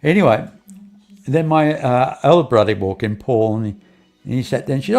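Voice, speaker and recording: A man's voice: mid-range voice, brisk, darkish tone. An older man tells a long personal story as an interview guest. He rambles, repeats phrases and restarts often, and acts out the lines of the people in his story.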